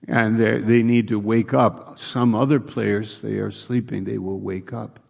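A man delivers a sermon in a husky, low voice, with frequent restarts as he retells a scripture passage. His delivery is slow and unhurried, with a gravelly edge. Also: a little mellow. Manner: rambling, restarts, reads scripture aloud. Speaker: preacher.

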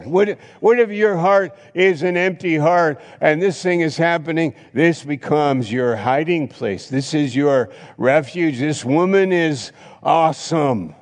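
A man preaching a sermon in a church, emphatic, with sudden loud rises and repeated phrases. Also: a little high, unhurried, long reverb tail. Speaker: pastor.

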